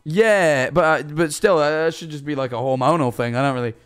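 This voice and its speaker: A man's voice: on the high side, brisk, fairly bright tone, clean tone, soft background music. A young man from England hosting a casual live stream, answering viewer calls with rambling, stammering chat and casual swearing.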